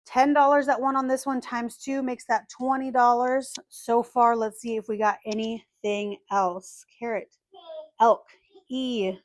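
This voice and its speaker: A woman calmly narrating as she scratches lottery tickets, methodically spelling out letters one by one. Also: on the high side. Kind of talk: calm scratch-and-reveal narration.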